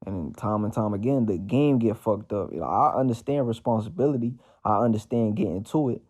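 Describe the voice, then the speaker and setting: A man's voice: lowish voice, a little fast, darkish tone. A man from the Bronx with a New York accent, musing in a slangy, streetwise way during a casual spiritual monologue at home. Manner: slangy, reflective, streetwise talk with many fillers. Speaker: podcast host. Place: at home with his cat.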